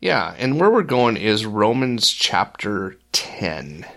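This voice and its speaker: Low-voiced man telling an earnest story. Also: sing-song, slow, gravelly, fairly bright tone. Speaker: podcast co-host. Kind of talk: casual faith discussion.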